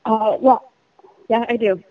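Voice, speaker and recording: A woman's voice: a little high, steady tone, a little slow. A woman calling in to a chat, giggly and frank. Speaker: caller. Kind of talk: casual call chat. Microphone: voice call. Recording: dull call audio.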